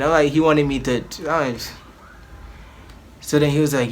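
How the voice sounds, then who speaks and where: A man's voice: fairly high pitch, moderate pace, long pauses. A man telling a personal story in a casual vlog, rambling and slangy, with many restarts. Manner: animated, acts out the people in his story.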